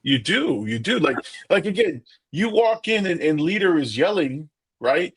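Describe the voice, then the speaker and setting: A man's voice: a little high, sing-song, unhurried, slightly rough, no echo. Conversational man co-hosting a podcast. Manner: conversational, repeats words, acts out quotes. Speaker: podcast co-host. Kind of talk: casual chat.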